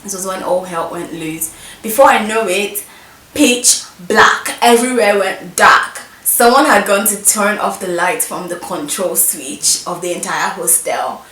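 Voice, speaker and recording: A young woman telling a mischievous story from her school days in an animated, emphatic way. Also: mid-range voice, a little slow. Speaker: vlogger. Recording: roomy echo, distant mic.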